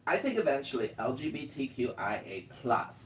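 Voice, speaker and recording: A man's voice: medium pitch, expressive, moderate pace. Insistent man in a roomy chat room. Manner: insistent, argumentative, complains about being interrupted. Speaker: audio chat room participant. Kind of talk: casual online group discussion. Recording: roomy, distant audio with faint noise.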